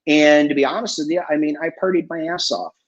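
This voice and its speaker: A man's voice: on the high side, steady tone, brisk. Candid, profane man telling his story. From Michigan, USA. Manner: candid and profane, with many fillers. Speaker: guest coach. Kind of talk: casual storytelling in a live interview. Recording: dull lo-fi online stream.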